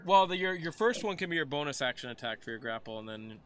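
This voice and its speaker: A man's voice: fairly high pitch, fast talker, loud music behind the voice. A man acting as game master, explaining the rules in a loose, rambling way with lots of fillers. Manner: rambling, relaxed, many fillers. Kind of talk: casual tabletop game narration.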